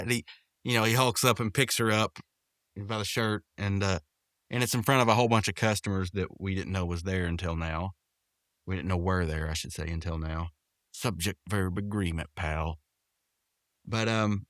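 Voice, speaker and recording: A man hosting a podcast, casually recapping a cartoon episode, rambling and jumping into higher voices to act out the characters' lines. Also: fairly even intonation, normal speed, fairly bright tone, no room sound, clean studio sound. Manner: rambling, acts out quotes in raised voices. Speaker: podcast host.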